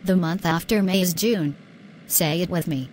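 A woman's voice: lowish voice, moderate pace, a little mellow, a little hiss or hum, natural voice. A woman as a chatty teacher driving her car. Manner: chatty, encouraging. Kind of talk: scripted lesson dialogue.

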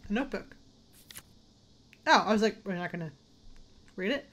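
A woman's voice: mid-range voice, animated, moderate pace, long pauses, a bit bright, slight background noise. A woman casually commentating a horror game, jumpy, swearing and talking to herself. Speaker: let's play gamer.

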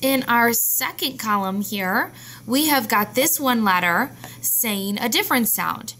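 A woman leads a phonics lesson for young children. She speaks slowly in a fairly high voice and sounds out each letter with care. A faint hum sits under the recording. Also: animated, pushed and bright. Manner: slow, clear, sounding out letters. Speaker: teacher.

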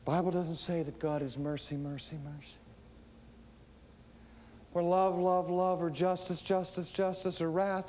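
A man delivering a teaching sermon, emphatic and dramatic, swinging between hushed lines and booming ones. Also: fairly even intonation, a little slow, pauses often, a little hiss or hum. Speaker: preacher.

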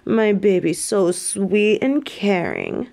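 A woman's voice: medium pitch, gravelly, warm tone, full character voice. A woman voicing a mafia boss girlfriend in a romantic audio drama, affectionate and teasing, laughing often. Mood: doting. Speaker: voice actor in a listener audio drama. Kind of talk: romantic audio role-play.

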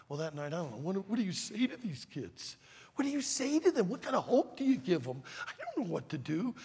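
A man preaching a storytelling sermon to a youth conference in an animated, dramatic way. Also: sits high, brisk, slightly rough. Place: large church auditorium. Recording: reverberant large hall.

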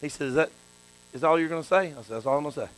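A man preaching a sermon as a bishop, dropping to hushed storytelling and rising to shouted praise. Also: a little high, rapid-fire, poor audio.

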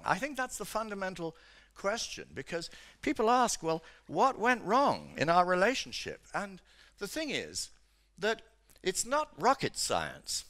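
A man's voice: sits high, pushed and bright. An older man from Britain, an economics professor giving a chatty seminar lecture, full of "you know" fillers.

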